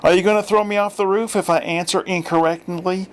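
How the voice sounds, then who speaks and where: Six-legged creature, nervous and bookish, pitched up high as a man reads it. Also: steady tone, brisk, a little hiss or hum, natural voice. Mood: wary.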